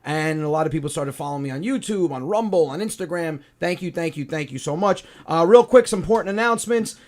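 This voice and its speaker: A man's voice: fairly high pitch, quick pace. A man with a New York accent hosting a comedy podcast, chatting loosely and telling stories with lots of fillers. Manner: animated, rambling storytelling with fillers. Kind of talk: casual comedy podcast chat.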